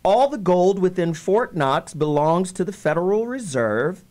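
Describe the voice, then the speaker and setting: A radio show host introducing the topic with a dramatic, emphatic delivery and drawn-out words. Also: medium pitch, lively intonation, a little mellow.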